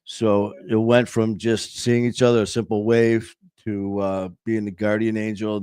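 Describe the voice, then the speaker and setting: A man with a lilt talks loosely, full of ums and restarts, as he hosts his own show. His voice sits a little low. The sound is dry and close, with no room around it. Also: a little mellow, no echo. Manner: rambling, full of fillers and restarts. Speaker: podcast host. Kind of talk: casual monologue.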